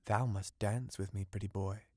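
A man's voice: fairly low pitch, fairly even intonation, dry recording, clean studio sound, natural voice. A man voicing a whispering seductive sea witch. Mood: crooning. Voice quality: hushed, whispering. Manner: slow, teasing, crooning.

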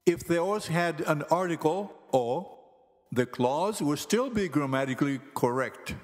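A man teaching Greek grammar in slow, careful scripted narration, pronouncing each word deliberately. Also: on the high side, lively intonation. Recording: long hall reverb with faint music.

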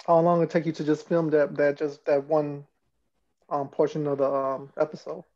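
Brief: male co-host, higher-pitched, flat delivery, dull distant sound. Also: normal speed. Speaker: radio show co-host. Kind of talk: casual interview questions.

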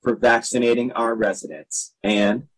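A man, a council member, reading part of a formal resolution in a steady way. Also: mid-range voice, moderate pace, rough recording.

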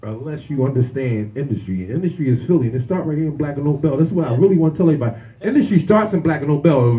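Lively, high-voiced man, emphatic slangy hype talk, muffled lo-fi sound. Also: racing, few pauses. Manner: emphatic, repeating himself, slangy. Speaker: event speaker. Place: bookshop, indoors. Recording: dull lo-fi recording.

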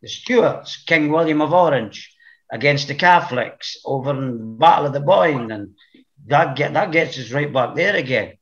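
A man's voice: fairly high pitch, lively intonation, moderate pace. A man from the Orkney Islands with an Orkney Scottish accent, talking as a podcast guest in a rambling, blunt way, often repeating words as he thinks. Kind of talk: casual interview chat. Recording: dull lo-fi sound.

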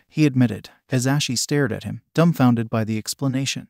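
A man narrating a fan-fiction story in an even, measured reading. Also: mid-range voice, creaky, no echo, studio quality.

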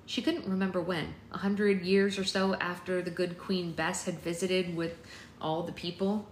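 Woman reading a novel aloud; lowish voice, roomy, faint hiss. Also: steady tone, moderate pace. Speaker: book club reader. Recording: roomy sound with faint noise.

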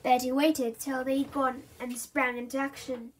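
High-voiced woman reading a story aloud. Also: flat delivery, unhurried. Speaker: reader. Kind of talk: reading a children's book aloud.

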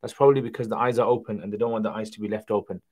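Low-voiced man answering viewer questions. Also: steady tone, racing, a little mellow. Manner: reads viewer questions aloud then answers conversationally. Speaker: Islamic Q&A livestream host. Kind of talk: casual livestream Q&A.

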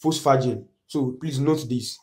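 A man's voice: mid-range voice, measured pace, a little mellow. A man with a Nigerian accent teaching an exam revision lesson, who keeps asking his students "what?" and then answers himself.

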